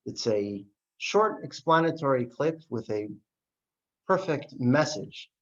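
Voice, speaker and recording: A man's voice: mid-range voice, takes it slowly. Man teaching with rhetorical questions, lo-fi. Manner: asks rhetorical questions, tells stories with animated voices. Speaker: rabbi teaching a class. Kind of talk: adult education lesson. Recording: dull lo-fi recording.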